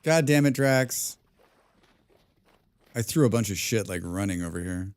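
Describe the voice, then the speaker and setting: A young man commenting live on a survival game, excitable, talking to himself, humming and swearing between moves. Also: lowish voice, unhurried, smooth. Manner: excitable, talks to himself, hums and mutters while playing; swears often. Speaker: streamer.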